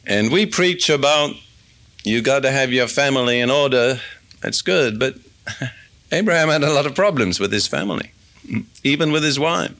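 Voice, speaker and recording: Bright-voiced man preaching a sermon. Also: mid-range voice, expressive, normal speed, long pauses. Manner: conversational teaching, reads scripture aloud. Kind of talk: expository sermon.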